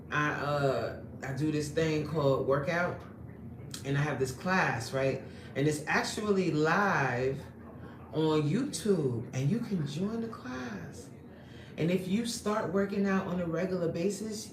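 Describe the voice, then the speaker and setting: A woman fitness coach hosting a livestream, reading the chat aloud and joking brashly in streetwise slang. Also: deep voice. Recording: echoey room with faint ambient noise.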